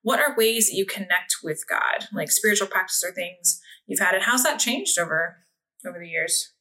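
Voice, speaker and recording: Woman, interviewer, bright clear tone, encouraging, casual. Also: medium pitch, animated, normal speed, rough recording. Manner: warm encouraging interviewer, frequent backchannel.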